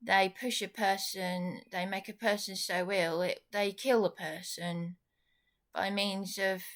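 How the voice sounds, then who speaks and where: Slow, sarcastic woman vlogging. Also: medium pitch, fairly even intonation. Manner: sarcastic, indignant, rambling. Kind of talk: venting monologue to camera.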